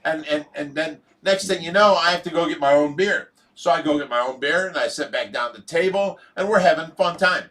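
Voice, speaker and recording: Bright-voiced joking man. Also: a little high, brisk, few pauses. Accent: Ohio. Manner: jokey storyteller, laughs often. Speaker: livestream host. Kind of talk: casual livestream banter.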